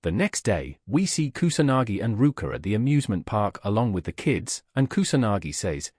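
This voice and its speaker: Guy narrating a manhwa recap, husky voice, lively pitch, dry close sound. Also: fairly quick, few pauses, no room sound. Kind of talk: scripted narration of a comic story.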